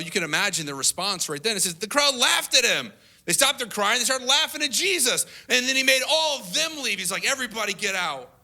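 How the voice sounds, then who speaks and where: A lead pastor preaching a sermon in a conversational way, acting out quotes in a higher voice and dropping to a soft hush at tender moments. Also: male voice. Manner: conversational, acts out quotes with rising pitch.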